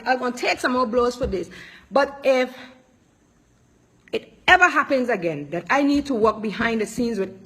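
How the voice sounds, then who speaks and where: A woman's voice: high-pitched, a bit bright. A woman politician giving an impassioned, emotional public statement, speaking emphatically and repeating her points.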